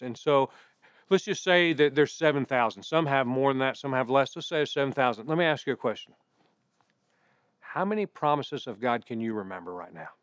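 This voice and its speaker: A middle-aged man preaches in a relaxed, conversational manner, weaving personal stories into his sermon. His voice is smooth and clear at an ordinary pitch. He is recorded up close, with a dry sound and no room echo. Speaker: pastor.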